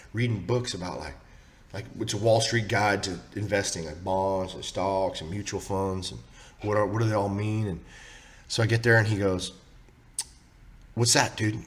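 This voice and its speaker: Rambling excitable man vlogging. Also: fairly low pitch. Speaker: crypto vlogger. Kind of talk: casual talk to camera.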